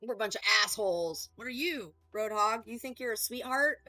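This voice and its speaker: A woman's voice: fairly high pitch, lively intonation, fairly quick, sharp tone, no room sound, soft background music, poor audio. A woman hosting a heated reaction stream, talking back in a combative, sarcastic and profane way.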